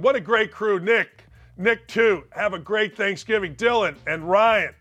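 A middle-aged man hosting a sports talk show, brash and jokey, shouting out his betting picks. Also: high voice, a little slow, soft background music.

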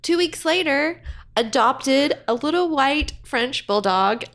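A woman's voice: high-pitched, lively intonation, slow. A woman chatting casually as a podcast co-host, telling stories with lots of fillers. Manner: chatty, warm storytelling with frequent fillers. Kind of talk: casual chat.

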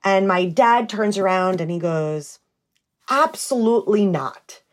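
Animated woman founder, lowish voice. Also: measured pace. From United States. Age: 30s. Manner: animated, acts out quoted dialogue with fillers. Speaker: brand founder. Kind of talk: interview storytelling.

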